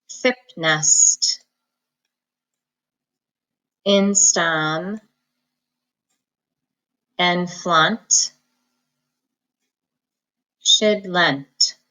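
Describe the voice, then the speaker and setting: A woman teacher giving an online phonics lesson, dictating sentences slowly and sounding out each syllable. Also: fairly low pitch, pushed and bright, low-quality recording. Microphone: recorded at a computer for students at home.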